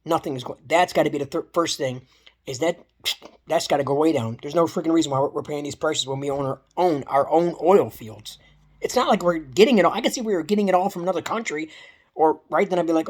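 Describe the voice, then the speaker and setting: A woman's voice: low-pitched, expressive, fast talker, a little mellow. A woman delivers a heated, profane political rant in a casual vlog, repeating herself and restarting sentences. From Canada.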